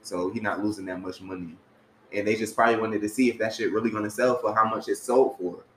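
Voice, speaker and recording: A man co-hosts a podcast in a relaxed gossip chat, his tone bright and forward. He talks in loose slang and laughs easily. The room is echoey, with a faint hiss underneath. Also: lowish voice, fast talker. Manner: laid-back, slangy, laughs often. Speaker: podcast co-host.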